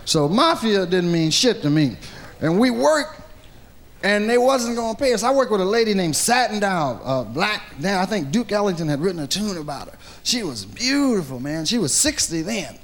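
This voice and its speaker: Brief: male stand-up comic, high and gravelly, storytelling with wild pitch swings. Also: moderate pace. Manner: animated, profane, acts out every character. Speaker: stand-up comedian. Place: comedy stage, archive recording.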